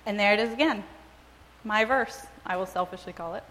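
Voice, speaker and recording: A woman's voice: medium pitch, fairly bright tone, a little hiss or hum. Woman reading aloud in a reverberant hall. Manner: measured, dramatic storytelling. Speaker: reader and speaker. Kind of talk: expressive first-person book reading. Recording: long reverb, as in a large hall.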